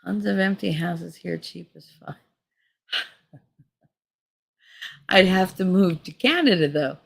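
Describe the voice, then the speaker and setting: This middle-aged vlogger has a mid-range, fairly bright voice. She talks in a candid, rambling, casual way, with plenty of laughter and swearing.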